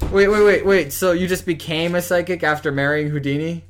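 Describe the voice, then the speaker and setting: A man's voice: fairly high pitch, steady tone, fairly quick, faint music behind. Interrupting young male podcast host. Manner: interrupting, repeats "wait". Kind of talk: casual joking chat.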